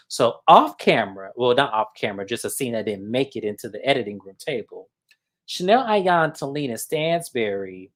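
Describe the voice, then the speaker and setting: A host recapping a reality TV episode in casual, gossipy, animated talk that swears freely. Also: mid-range voice.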